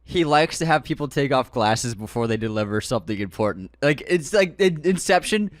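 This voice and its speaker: Chatting about films with his co-host, this man speaks at a medium pitch, expressively and fairly quickly. He rambles with excitement, full of fillers and false starts, on a dry, studio-quality recording.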